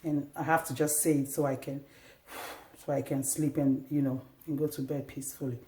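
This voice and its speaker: A woman's voice: a bass voice, level tone, normal speed. A woman giving earnest, faith-based marriage advice to wives, exhorting them and acting out little home scenes. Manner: earnest and exhortative, acts out scenes with sharp raised outbursts. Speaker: Christian marriage advice vlogger. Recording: echoey room.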